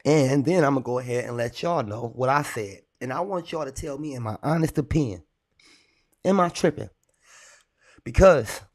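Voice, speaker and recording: A young man on a casual livestream, rambling and irritated as he talks to his chat. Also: medium pitch. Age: young adult.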